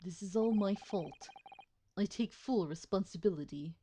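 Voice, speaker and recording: A woman's voice: mid-range voice, moderate pace, warm tone, a little hiss or hum, pitched below the performer's own voice, close to an everyday voice. A woman reading aloud the lines of an earnest, apologetic male police inspector in a video game, in a formal, remorseful manner.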